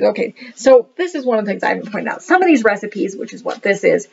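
A woman chats through a book review in a gravelly, husky voice whose pitch swings widely. She rambles and thinks out loud as she goes. The recording sounds dull and lo-fi. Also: sing-song, fast. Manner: rambling, thinking aloud, says "what the heck" a lot.

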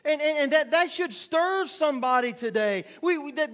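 A middle-aged male pastor preaching a sermon in church, repeating his words and building to shouts. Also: very high-pitched, animated, moderate pace, hardly any pauses. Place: church sanctuary.

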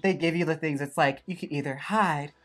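A drag performer hosting a casual chat, playful and joking, laughing often. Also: female voice, deep voice, brisk. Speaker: drag performer, channel host.

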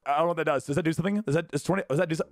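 A young man streaming a modded game and talking to his chat, frantic, repeating himself and often shouting. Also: on the high side, rapid-fire, dry recording. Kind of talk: excited gameplay commentary. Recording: music playing clearly under the voice.

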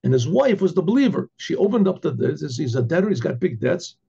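Rabbi telling a story, husky dark voice, keeps clearing his throat. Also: on the high side, sing-song, highs cut off. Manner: halting, repeats words, clears throat often. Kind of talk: oral storytelling.

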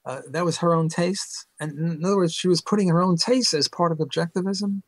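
An older man recounts his memories in an unhurried, rambling way, peppering them with fillers and bursts of laughter. His voice sits a little high for a man, and it sounds close and dry, with no room echo. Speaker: interview guest, economics professor. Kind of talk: casual storytelling interview.

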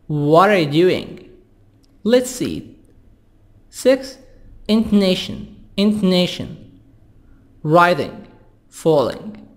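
Slow, high-voiced man teaching words. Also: sing-song. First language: Arabic. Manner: repeats single words slowly and deliberately, with quick asides in Arabic. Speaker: English teacher. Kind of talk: vocabulary and pronunciation lesson.

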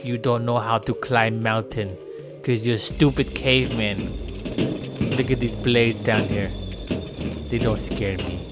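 A man voicing a boastful male caveman villain in a slow, menacing put-on voice with broken English, over game audio. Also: medium pitch, fairly even intonation, over loud music, lightly acted. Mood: gloating. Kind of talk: playful voice acting over gameplay.

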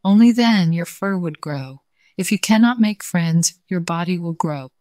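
A woman's voice: on the low side, animated, measured pace, mellow, no echo, studio quality. A woman reading a children's storybook, voicing a male forest god who gives stern warnings. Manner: commanding, warning.

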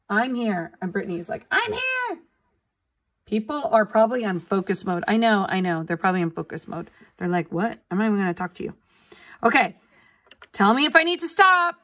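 Over a video call picked up by a computer mic, a female art teacher leads a live online drawing lesson. Her voice is a little high and a bit bright, and she stays chatty and upbeat while encouraging students to answer.

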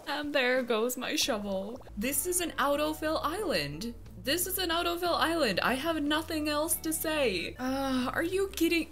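A woman's voice: sits high, a bit bright. A young woman vlogger giving casual commentary on her video game, dramatic and exasperated, laughing often. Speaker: gaming vlogger.

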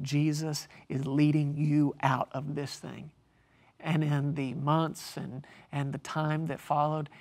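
A man's voice: a little high, gravelly, darkish tone. A man preaching a televised sermon, telling a story and reading scripture aloud, rising to emphatic stresses on key words. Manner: reads scripture aloud between stories.

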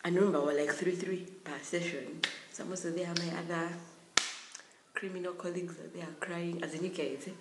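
Low-voiced woman telling a dramatic story. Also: fairly quick, noisy background. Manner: animated, dramatic retelling with exclamations. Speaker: vlogger. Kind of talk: storytime vlog. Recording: echoey room.

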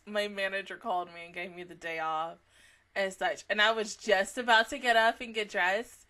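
A young woman chatting casually about an episode she just watched, excitable and laughing often, with a casual habit of swearing. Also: medium pitch, moderate pace. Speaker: anime reaction vlogger. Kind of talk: casual reaction chat.

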